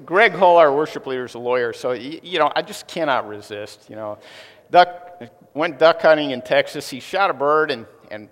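A man preaching a sermon to his congregation, telling a joke with lively energy and sometimes repeating words as he builds up. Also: medium pitch. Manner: lively storytelling, repeats words when excited. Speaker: pastor. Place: church sanctuary. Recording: long reverb of a large hall.

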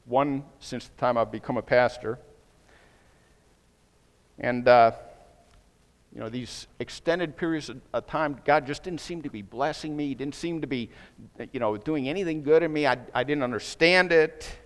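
A male pastor preaching a sermon, telling a story and acting out the voices of people in it with rising excitement. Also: medium pitch, long reverb tail.

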